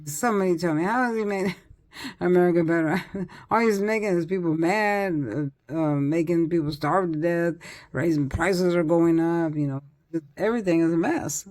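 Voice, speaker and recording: A woman's voice: lowish voice, moderate pace, darkish tone. An older woman giving a casual, chatty psychic tarot reading, repeating herself and laughing often. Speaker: tarot reader.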